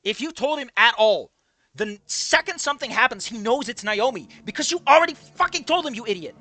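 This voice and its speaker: A man's voice: very high-pitched, lively intonation, fast talker, pushed and bright, faint music behind. A man giving a profane, exasperated running commentary while reading a fanfic. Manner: profane, exasperated, swearing often. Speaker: fanfiction reviewer.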